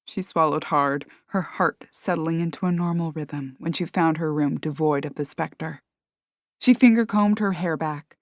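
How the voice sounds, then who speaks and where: A woman narrating an audiobook in a measured, expressive way. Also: fairly low pitch, dry recording, studio quality. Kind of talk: scripted narration.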